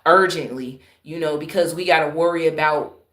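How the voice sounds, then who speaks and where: A woman's voice: low-pitched, normal speed, a bit bright. Fields Sex: woman. Origin: Chicago. Role: live-stream commentator. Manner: blunt and exasperated. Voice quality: blunt, exasperated, swears freely.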